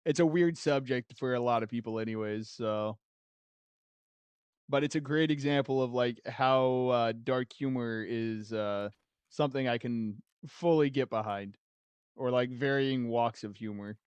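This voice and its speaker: A laid-back man chatting on his game stream, his voice smooth and resonant at an ordinary pitch. He talks loosely with plenty of fillers and laughs often. The sound is dry and close, with no room around it. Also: unhurried, dry recording. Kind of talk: casual chat with stream viewers.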